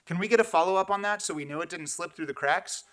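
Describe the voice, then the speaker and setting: A man's voice: high voice, fast talker, fairly bright tone. A man giving a sarcastic, pointed public comment at a police commission meeting.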